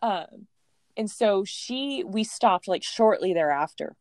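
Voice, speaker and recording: A woman in her thirties telling a personal story in a casual, animated way, laughing often and acting out what people said. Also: mid-range voice, takes it slowly, no echo, studio quality. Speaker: storyteller guest.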